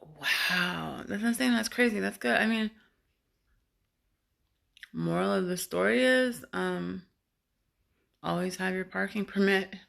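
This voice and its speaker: Low, gravelly-voiced woman vlogger. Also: fairly bright tone. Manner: rambling, with many fillers and restarts; frank, swears casually. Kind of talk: casual storytelling to camera.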